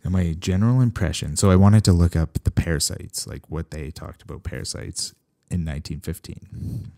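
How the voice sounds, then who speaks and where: A man from Canada, a veterinarian hosting a solo podcast, talking casually with animated, sarcastic asides. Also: sits low, normal speed, vocal fry, dry recording, clean studio sound.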